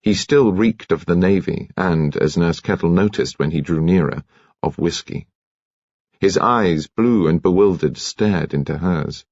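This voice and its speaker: A man narrating an audiobook in a measured, expressive storytelling manner. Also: low voice, dry recording. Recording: dry, dull audiobook studio recording.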